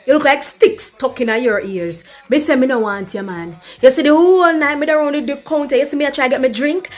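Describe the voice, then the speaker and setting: A woman voicing a blunt, unbothered young Jamaican woman in a comedy skit, lecturing in a patois-laced, dismissive way. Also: fairly high pitch.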